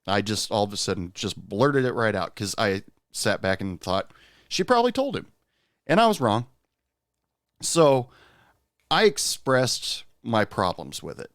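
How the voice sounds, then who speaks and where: A man's voice: fairly low pitch, big pitch swings, unhurried, fairly bright tone, dry recording, studio quality. A man hosting a podcast, telling a personal story in a candid, rueful, conversational way. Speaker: podcast host.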